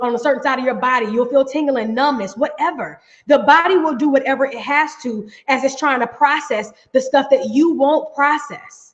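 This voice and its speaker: Middle-aged woman, workshop coach, emphatic and conversational, slightly high voice; dull, roomy recording. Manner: emphatic, repeats "right?". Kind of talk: healing workshop talk. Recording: echoey, dull room sound.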